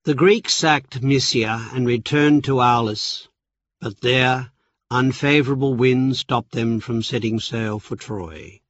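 Slow, measured male storyteller. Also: mid-range voice, no echo, lo-fi sound. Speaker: narrator. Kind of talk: scripted audiobook narration.

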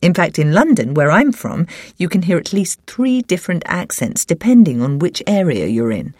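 Woman reading an essay, lowish voice but lots of swing, careful clear diction, dry booth sound. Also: very animated, moderate pace, a little mellow, no room sound. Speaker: essay reader. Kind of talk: scripted narration of an essay.

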